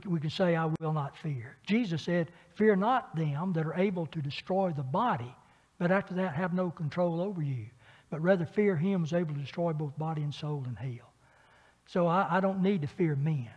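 Husky man teaching a church Bible class. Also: a little high, a little mellow. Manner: conversational, many filler pauses, asks the class questions. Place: church meeting room. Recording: dull, echoey church room recording.

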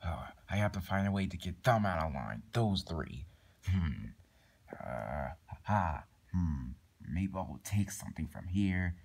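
A man's voice: sits low, lively intonation, measured pace, a little mellow, breathy edge. Rambling young man voicing a toy skit. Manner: rambling, many fillers and restarts. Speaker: plush toy video maker. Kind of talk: improvised toy skit, doing all voices.

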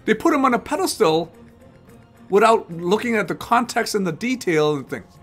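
A man's voice: high-pitched, expressive, moderate pace, a bit bright, breathy edge, faint music behind. A man hosting a live investing show in casual talk, rambling and often restarting his phrases as he acts out other people's words.

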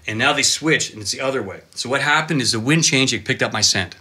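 A man in his fifties, a cameraman guest telling animated, excitable stories full of exclamations. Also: medium pitch, quick pace. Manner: excitable, dramatic storyteller with exclamations and laughs.

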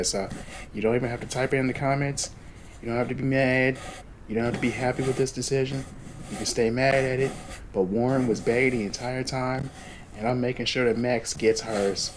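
Chatty young gamer. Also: male voice, medium pitch, slight background noise. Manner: chatty, addresses viewers directly. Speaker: gaming channel host. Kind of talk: let's play commentary.

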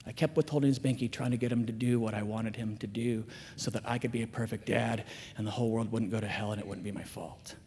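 A man giving a candid, self-mocking, animated storytelling talk at a school chapel. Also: on the low side, quick pace, a little hiss or hum. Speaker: chapel speaker. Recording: long reverb of a large chapel.

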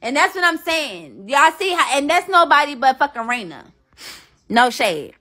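A woman's voice: high-pitched, very animated, normal speed, bright, forceful tone. A young woman livestreaming, chatting casually with viewers in a brash, profane, trash-talking manner.

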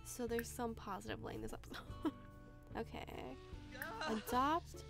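A woman's voice: on the high side, measured pace, creaky. A young woman casually commenting on her life-sim gameplay, chatty and giggly, talking straight to her viewers. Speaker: gaming video creator. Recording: music playing under the voice.

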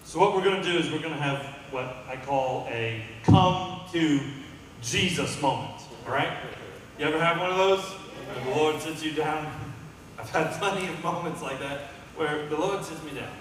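A man's voice: on the high side, moderate pace, a little hiss or hum. A man preaching a sermon as pastor, calling out to the congregation and building to emphatic peaks. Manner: call-and-response, rising to emphatic peaks. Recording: echoey hall from far off.

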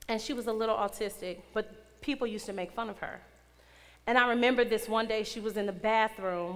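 A woman's voice: medium pitch, fairly bright tone. A woman in her thirties preaching to teenagers, telling a personal story in casual slang and building to an urgent exhortation. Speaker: youth minister. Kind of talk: sermon to teens. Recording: long hall reverb.

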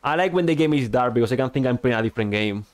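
An expressive, rapid-fire male voice belongs to a non-native English speaker streaming a game, rambling, mocking himself over his push-to-talk gaming mic, and restarting often. It's casual gaming chat on low-quality stream audio with faint music in the background.

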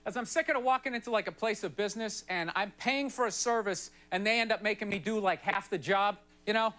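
A man's voice: sits high, brisk. A man doing a stand-up comedy set on a television studio stage, ranting in an exasperated, rambling way with lots of "you know" asides. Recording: broadcast stand-up with loud audience laughter and noise.

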